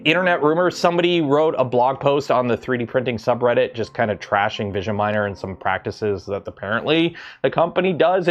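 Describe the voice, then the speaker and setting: A man from Canada hosting a casual livestream in his garage, rambling and breaking off to answer chat as he works. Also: a little high. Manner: rambling, self-interrupting, reads chat aloud. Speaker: livestream host. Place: home garage.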